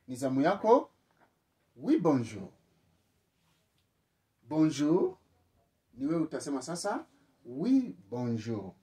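Male language teacher, slow deliberate repetition, a little distant from the mic. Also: on the high side, mellow. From East Africa. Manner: slow, repeats words for learners to echo. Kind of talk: spoken language lesson.

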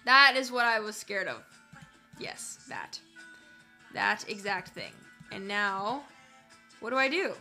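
A woman's voice: mid-range voice, big pitch swings, slow, pauses often, pushed and bright, soft background music. A woman chess streamer chatting casually and talking to herself as she plays.

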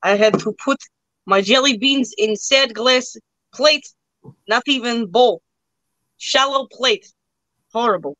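A woman's voice: fairly high pitch, slow pace, pauses often, bright, forceful tone, dry recording, rough recording. A young woman hosting a live online auction, joking around in a put-on broken-English accent. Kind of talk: live sale chat.

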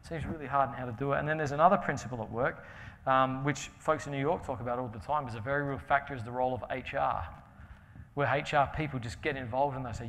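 A man preaching a conference sermon, telling stories with humor and swinging between loud and hushed delivery. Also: mid-range voice, fairly even intonation, fast, a little hiss or hum. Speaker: pastor. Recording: reverberant hall with faint ambience.

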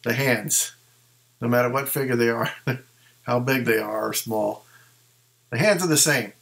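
A man's voice: mid-range voice, unhurried, vocal fry, fairly bright tone, poor audio. A man who collects ventriloquist figures, chatting casually in a rambling show-and-tell and second-guessing himself as he goes.

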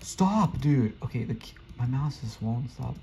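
A man's voice: mid-range voice, steady tone, normal speed, creaky, mellow. Young man rambling through a frustrating game. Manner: rambling, frustrated, self-talking. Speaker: gaming streamer. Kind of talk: casual gameplay commentary. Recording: dull lo-fi mic with faint hiss.

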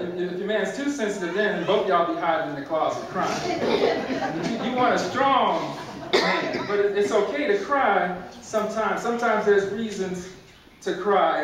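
A man preaching a conversational sermon with humor, repeating words and chuckling at his own jokes, in a church. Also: high voice. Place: church sanctuary. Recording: very echoey hall from far off.

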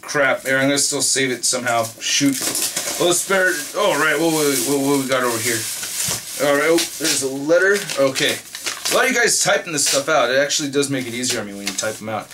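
A man vlogging casually as he opens mail, excitable and swearing, shouting with delight. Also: medium pitch, fairly quick, background noise. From Northern California. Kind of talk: casual unboxing vlog.

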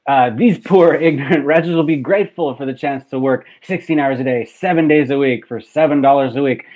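A gloating, greedy factory owner, read by a man in a hammy comic style. His voice sits a little high and comes through a tinny, phone-like video call line. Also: close to an everyday voice. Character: greedy gloating male industrialist.

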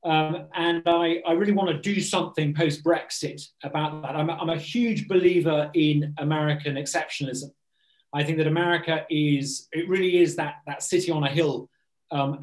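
Eager british guy on a video call, restarts a lot, sounds roomy and echoey, bit higher voice. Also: darkish tone. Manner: earnest, enthusiastic, repeats words as he restarts. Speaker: guest, think tank president.

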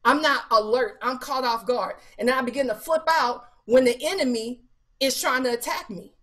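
A woman's voice: sits high, normal speed. A woman evangelist delivering a sermon at a Bible study, quoting scripture and asking the listeners rhetorical questions in a casual, colloquial way. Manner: animated preaching with scripture quotes and rhetorical questions; casual colloquial speech with fillers.

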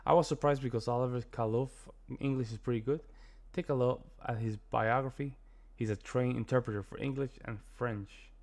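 American man, reaction video host, casual rambling commentary, lots of fillers, mid-pitched voice. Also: fairly even intonation, brisk, darkish tone. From United States. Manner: rambling, repeats himself, many fillers.

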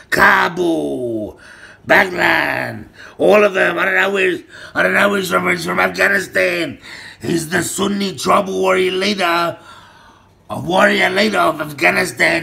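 A man in an angry, rambling monologue, shouting names and threats and swearing constantly. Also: sits high, moderate pace, vocal fry. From Australia. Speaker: self-styled gang boss ranting to camera.

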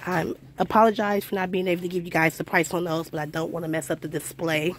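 A woman's voice: lowish voice, fairly even intonation, fast talker, a little hiss or hum. A woman filming a casual haul inside a discount store, talking in an upbeat, gushing way as she walks the aisles. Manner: gushing, upbeat, repeats "love, love, love". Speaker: shopping vlogger.

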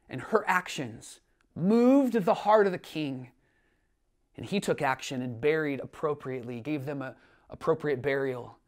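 Man, pastor, sermon, earnest, emphatic then hushed, slightly higher voice. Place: church online service.

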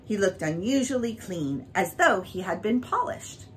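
A woman reading a children's book aloud, with an expressive, varied delivery. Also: mid-range voice, unhurried, slight background noise, poor audio. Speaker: storyteller.

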